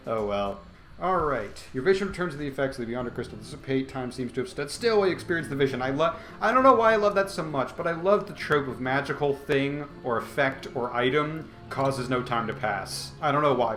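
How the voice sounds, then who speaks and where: A man giving chatty, excitable gameplay commentary as a channel host. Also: medium pitch, normal speed. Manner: chatty, excitable, laughs a lot. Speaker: let's play host. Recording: roomy echo, faint game music.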